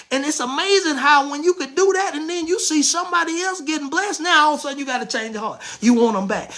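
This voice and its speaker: A woman preaching a sermon as bishop, animated and emphatic, repeating phrases, asking herself questions and breaking into shouts. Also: high-pitched, quick pace, few pauses. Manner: playful rhetorical questions answered aloud.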